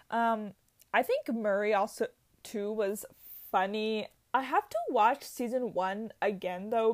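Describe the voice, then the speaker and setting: A woman's voice: mid-range voice, a little mellow. A young woman chatting casually and gushing, full of "like" and "um". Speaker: vlogger. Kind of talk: casual chat.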